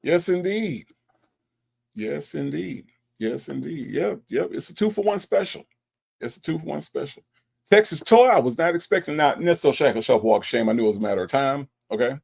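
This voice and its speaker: A man hosting a live stream, chatting casually and teasing his chat with an animated delivery. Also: fairly high pitch, a little fast, vocal fry, slight background noise. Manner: animated, teasing, mocks chat with exaggerated voices. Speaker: livestream host.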